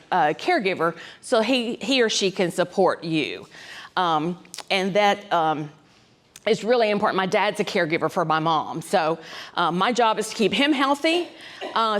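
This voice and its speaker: A woman, a dementia specialist giving a folksy, conversational talk to caregivers, often checking in with "right?". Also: mid-range voice. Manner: conversational, folksy, frequent ums and asides, keeps checking in with "right?".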